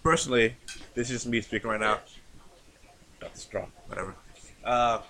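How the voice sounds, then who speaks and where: A man with a bright, forward voice talks in loose, profane banter with a friend. He jokes and teases between drinks, with a faint hiss behind him. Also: medium pitch, fairly even intonation, normal speed. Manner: joking, profane, teasing. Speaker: podcast co-host. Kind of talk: casual banter.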